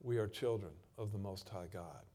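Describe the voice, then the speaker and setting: A man with a lowish voice preaches at normal speed, reading scripture with drama. He shifts between loud passages and moments of quiet emphasis.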